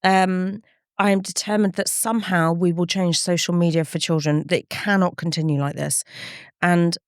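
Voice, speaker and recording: A middle-aged woman with a slightly low voice talks through hard memories in an interview, earnest and reflective. She often slips into quoted speech as she recalls conversations. The sound is close and dry, with no room around it. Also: fairly even intonation, moderate pace, clear, resonant tone, no room sound. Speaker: campaigner guest. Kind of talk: candid interview talk.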